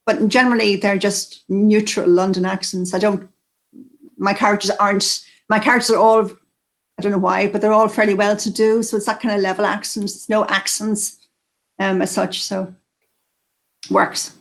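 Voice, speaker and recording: Relaxed woman author on a video call. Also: medium pitch, moderate pace. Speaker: author on a panel. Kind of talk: casual panel discussion.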